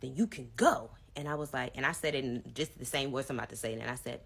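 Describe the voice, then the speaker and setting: A woman in her thirties telling a personal story to her viewers in a casual, animated way. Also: extremely low pitch, very fast, vocal fry. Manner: animated storytelling, acts out both sides of arguments; casual, addresses viewers directly. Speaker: vlogger. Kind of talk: storytime vlog.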